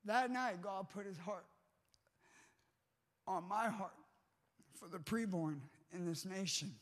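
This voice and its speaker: Preaching slowly in a high voice, a man addresses a live congregation in a large hall, restarting often and pressing his points with fervor. Long hall reverb fills the recording.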